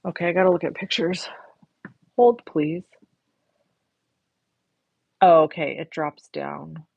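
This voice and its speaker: A woman's voice: low-pitched, takes it slowly, gravelly, breathy edge, no room sound, phone-quality sound. A woman hosting a card-making livestream, chatting casually with viewers as she works, reading their comments aloud and cussing a little. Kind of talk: casual chat while crafting live.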